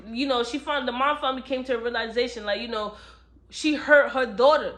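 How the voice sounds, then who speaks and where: A young woman reviews a book in a relaxed, chatty way, retelling the story with lively slang and asides. Her voice sits a little high and sounds bright and forward. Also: brisk. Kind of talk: casual book review chat.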